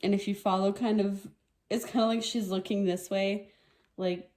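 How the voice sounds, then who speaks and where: A woman giving a casual tarot reading to camera, soft-spoken and reflective, a little teary and sniffling. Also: mid-range voice, flat delivery, normal speed. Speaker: tarot reader.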